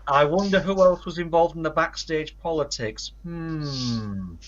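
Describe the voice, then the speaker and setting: A man with a somewhat high voice co-hosts a casual podcast chat, rattling off facts and titles and slipping in dry asides. The audio is dull and lo-fi. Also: fairly even intonation, normal speed. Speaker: podcast co-host.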